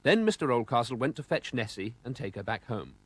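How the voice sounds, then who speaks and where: A man narrating a children's storybook in an expressive, animated way. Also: medium pitch, brisk, breathy edge, no room sound.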